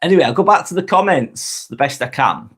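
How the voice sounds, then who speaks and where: A man's voice: a little high, very animated, a little fast, fairly bright tone, breathy edge. An English man, middle-aged, hosting a live vlog, chatting casually with viewers, rambling and repeating himself and swearing freely. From England. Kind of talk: casual live-stream chat.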